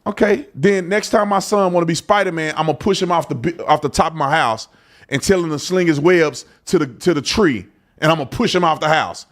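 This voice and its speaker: A man's voice: a little high, a little fast. A man hosting an opinion podcast, talking in a preachy, colloquial way and often mocking others in put-on voices. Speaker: podcast host. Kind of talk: opinion commentary.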